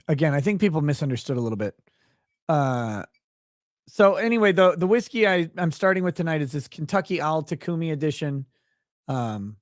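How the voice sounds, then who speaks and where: A man hosting a casual live stream, talking in a rambling, halting way with wry asides. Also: fairly high pitch, dry recording, clean studio sound. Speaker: livestream host and lawyer. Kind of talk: casual livestream chat.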